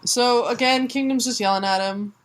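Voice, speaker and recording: A woman's voice: on the high side, normal speed. A woman co-hosting a casual comic book podcast, retelling the plot with laughs and silly put-on voices. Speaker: podcast co-host.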